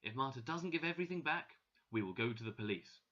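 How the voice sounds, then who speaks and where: A man voicing a kind, thoughtful French man with a French accent, speaking slowly and clearly, in a dull lo-fi recording. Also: mid-range voice, animated, pushed and bright. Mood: calm.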